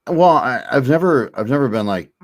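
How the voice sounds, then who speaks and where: A man's voice: medium pitch, lively intonation, brisk, no echo, studio quality. A middle-aged man hosting a casual talk, candid and rambling, with lots of fillers and restarts. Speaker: host. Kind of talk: casual livestream chat.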